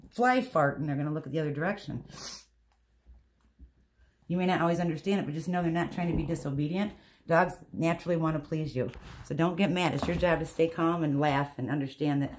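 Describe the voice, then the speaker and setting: A woman dog groomer giving a hands-on grooming tutorial, chatty and reassuring, talking to the dog as she explains. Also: deep voice. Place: grooming room, indoors. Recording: echoey room with faint background noise.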